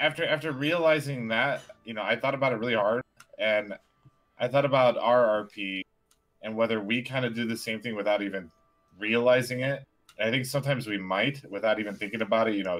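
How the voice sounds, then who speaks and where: A man in casual chat, telling a story in an animated way, restarting often and swearing. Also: on the low side. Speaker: tabletop game player.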